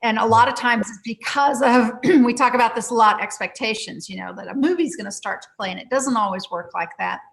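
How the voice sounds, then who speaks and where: Animated woman telling a session story. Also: a little high, brisk, vocal fry, few pauses. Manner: lively, many fillers and restarts, laughs often. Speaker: healing practitioner guest. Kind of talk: casual conversational storytelling.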